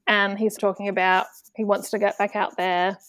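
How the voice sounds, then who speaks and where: A woman's voice: mid-range voice, level tone, moderate pace, a bit bright, no echo. Enthusiastic woman podcast co-host, dry sound. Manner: enthusiastic, acts out quoted movie lines. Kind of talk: casual film podcast chat.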